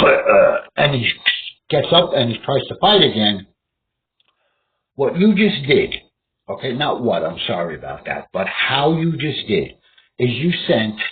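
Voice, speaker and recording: A man rambles through a fighting lesson, swearing freely and breaking into loud mock cries for his imagined opponent. His voice swings widely in pitch. It comes through thin and tinny over a faint hiss. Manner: profane, rambling, acts out opponent's reactions with outbursts. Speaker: martial arts instructor. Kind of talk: rambling casual instruction to camera. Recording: tinny phone-like sound with faint noise.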